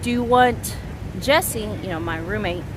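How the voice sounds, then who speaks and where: A woman in her thirties venting on a casual vlog, rambling and halting, swearing often. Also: mid-range voice, background noise. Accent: Southern US. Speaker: vlogger.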